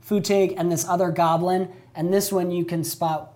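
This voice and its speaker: Low-voiced woman running a tabletop game. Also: level tone, moderate pace, dark tone. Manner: chatty, laughs often, many fillers. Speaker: game master.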